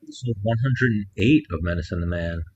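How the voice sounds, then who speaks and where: A man with a fairly low voice co-hosts a podcast from a rented house. He tells his story in a loose, profane way and punches up the quotes. The sound is muffled and lo-fi, like a remote call. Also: brisk, a little hiss or hum. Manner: animated storyteller, acts out quotes loudly. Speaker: podcast co-host. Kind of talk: casual storytelling chat.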